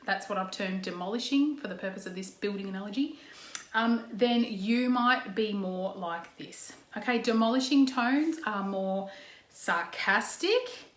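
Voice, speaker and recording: A woman's voice: medium pitch, unhurried. Australian woman coach, casual talk to camera, chatty with lots of "okay", reverberant room. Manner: chatty, frequent "okay" and "um", talks with her hands, acts out example tones. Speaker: parenting coach. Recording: echoey room.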